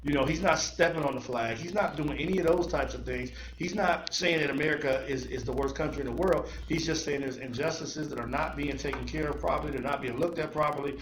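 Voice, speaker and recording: Podcast host guy, earnest and emphatic, slightly high voice, roomy echo. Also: fast talker, hardly any pauses, background noise. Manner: earnest, emphatic, builds his argument point by point. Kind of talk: casual chat. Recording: echoey room.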